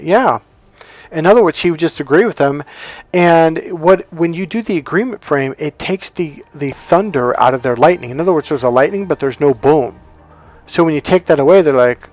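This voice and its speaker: A man's voice: on the high side, animated, moderate pace, darkish tone, faint music behind. A man giving blunt dating advice, swearing freely and telling stories in which he acts out what other people said. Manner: profane, blunt, storytelling with acted quotes. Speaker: dating coach. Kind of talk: unscripted coaching talk.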